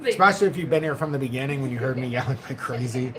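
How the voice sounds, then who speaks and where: A middle-aged man hosting a casual livestream from home, reading viewer comments in a deliberately low, calm voice. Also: crowd noise, poor audio. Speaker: livestream host.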